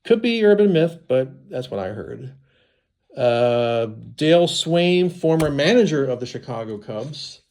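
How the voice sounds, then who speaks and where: Stuffy-nosed man, unhurried, mid-pitched, casual card-unboxing chat. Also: animated, darkish tone. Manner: reads names slowly, chatty asides. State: congested from sinus trouble. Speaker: collector unboxing baseball cards.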